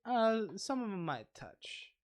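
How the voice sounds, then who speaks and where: A man's voice: high-pitched, sing-song, takes it slowly, slight background noise. Playful male movie podcast co-host. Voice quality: playful, rambling, self-interrupting. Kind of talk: casual movie podcast chat. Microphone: lavalier microphone.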